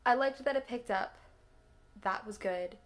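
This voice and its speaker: A woman's voice: a little high, unhurried. A woman in her twenties chatting casually about movies she just watched, rambling, laughing often and restarting her sentences. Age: 20s. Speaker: vlogger reacting to films.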